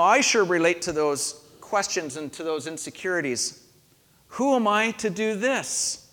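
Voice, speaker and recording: High-voiced male pastor preaching. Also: fairly bright tone. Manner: conversational storytelling, rhetorical questions. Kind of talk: sermon. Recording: long hall reverb.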